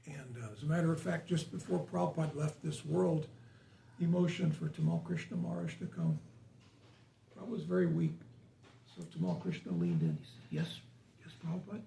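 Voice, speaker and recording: A man's voice: fairly high pitch, creaky, a little mellow. A man giving an informal spiritual talk to a small live audience, chatting and asking them questions. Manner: conversational, asks the audience questions. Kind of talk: informal sermon to a small group. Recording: roomy, distant mic, faint hiss.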